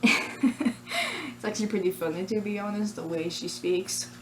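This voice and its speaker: A woman talking through her plush toy character voices in a casual home vlog, hesitant and giggly with lots of "uh"s. Her pitch sits mid-range and her pace is slow. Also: big pitch swings, a little hiss or hum. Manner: hesitant, giggly, many fillers. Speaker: channel host.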